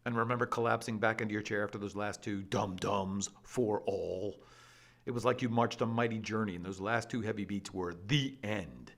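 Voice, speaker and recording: A man presenting an energetic scripted explainer with a lively, playful and emphatic delivery. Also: lowish voice, quick pace, hardly any pauses. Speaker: educational presenter.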